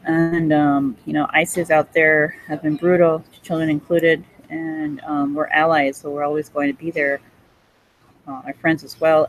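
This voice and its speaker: At a moderate pace, a woman in a cafe rambles through a profane monologue, hopping from topic to topic and erupting in high bursts of laughter. The recording is rough.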